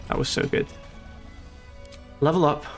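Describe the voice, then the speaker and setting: A man's voice: a little slow, faint music behind. A man giving casual, joking let's-play commentary as a streamer, rambling and amused at his own jokes.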